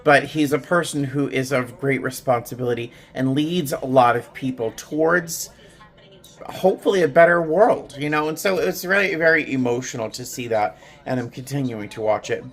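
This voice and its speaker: A middle-aged man casually vlogging from a small home studio, rambling in a heartfelt way with many ums and restarts. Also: mid-range voice. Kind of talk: casual personal vlog.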